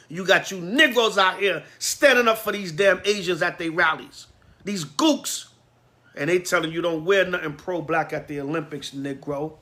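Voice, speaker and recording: A man preaching in a Bible class, blunt and fiery, slipping into slang and wandering off on tangents. His voice sits high and comes out bright and forceful. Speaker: priest.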